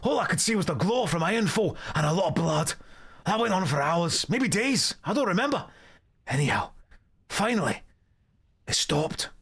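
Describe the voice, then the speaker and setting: A man's voice: sits high, animated, moderate pace, a bit bright, breathy edge, exaggerated voice. A man voicing a boastful, rambling male dwarf storyteller in a put-on Scottish accent, reading game dialogue aloud. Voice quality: rolling brogue, folksy, rambling.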